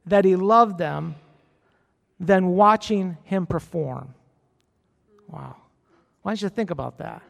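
A man's voice: sits high, vocal fry. A man preaching a sermon in a church, emphatic and repeating his key phrases. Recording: long hall reverb.

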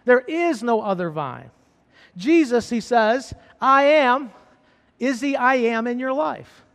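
A man with a strikingly high voice delivers a sermon as a pastor. He hammers on repeated phrases and rises into fervent emphasis. His words ring out with a long reverb, as in a large church hall. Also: animated, slow pace, a bit bright. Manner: repetitive, rising to fervent emphasis.

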